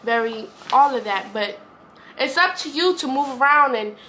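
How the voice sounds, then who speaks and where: A woman's voice: high voice, lively intonation, normal speed, sharp tone, a little hiss or hum. A woman, talking earnestly to camera in a rambling, repetitive way. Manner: earnest, rambling, repeats herself. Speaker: vlogger. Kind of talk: heartfelt casual talk to camera.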